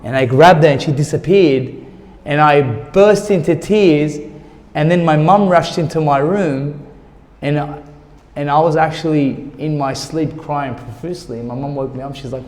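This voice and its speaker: A man's voice: a little high, moderate pace, a little mellow. Man telling his story in a reverberant hall. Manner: emotional, retells conversations in quoted dialogue. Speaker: interview guest, former boxer. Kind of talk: candid storytelling interview.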